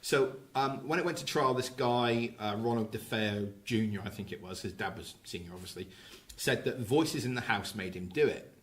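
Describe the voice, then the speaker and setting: A man hosting a casual podcast chat, telling film stories in a lively way. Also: on the low side, normal speed. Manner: lively storyteller recounting film plots. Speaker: podcast host.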